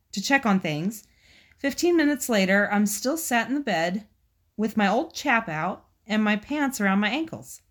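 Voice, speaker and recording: Animated, giggly woman podcast host. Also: medium pitch. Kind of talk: casual chat, reading funny stories.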